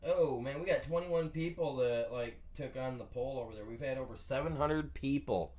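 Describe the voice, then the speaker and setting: A man's voice: medium pitch, normal speed, darkish tone. A man streaming a farming game, chatting casually to viewers in a rambling, jokey way and saying "man" constantly. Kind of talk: casual gameplay commentary.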